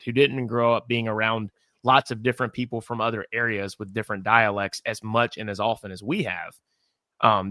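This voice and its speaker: Bright-voiced Southern man, chatty podcast host. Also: lowish voice, no room sound, clean studio sound. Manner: chatty, explains at length with asides. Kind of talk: casual podcast chat.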